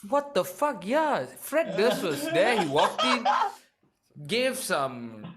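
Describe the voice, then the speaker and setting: A man's voice: high voice, big pitch swings, slow, a crowd in the background. Laid-back man with a Malaysian English accent. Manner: laid-back slangy banter. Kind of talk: casual podcast chat.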